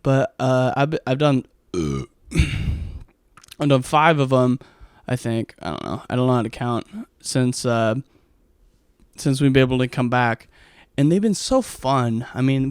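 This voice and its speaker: A man's voice: medium pitch, clear, resonant tone, no echo, clean studio sound. A man, a stand-up comic, telling stories in a casual, rambling monologue full of swearing and fillers. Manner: rambling, profane, heavy with fillers.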